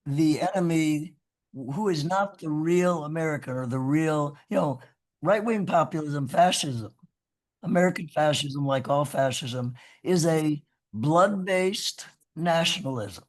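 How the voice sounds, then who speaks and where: This man, a professor appearing as a guest speaker, talks earnestly and ramblingly on a video call, full of restarts and "you know." His scratchy voice is fairly high-pitched and unhurried, picked up by a video call mic.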